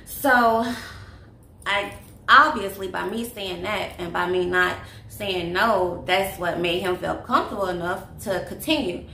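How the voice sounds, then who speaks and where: A woman's voice: medium pitch, creaky, bright, forceful tone. A young woman chatting through a casual story-time vlog, confiding and full of fillers, recorded in an echoey room with faint noise. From Louisiana, US. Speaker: vlogger.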